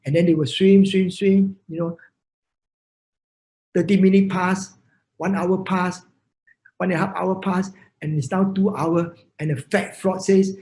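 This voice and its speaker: A man's voice: high-pitched, steady tone, moderate pace, warm tone, low-quality recording. A man with a Vietnamese accent giving a motivational seminar talk, emphatic, repeating key words and often restarting his sentences. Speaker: motivational speaker.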